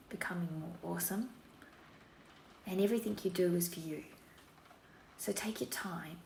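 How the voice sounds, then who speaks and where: Yoga lady hamming up a fake aussie accent, gravelly voice, echoey room. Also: lowish voice. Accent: playful put-on Australian. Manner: relaxed, encouraging, slang-filled cueing. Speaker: yoga teacher. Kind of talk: guided yoga class instruction. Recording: roomy echo, faint room hiss.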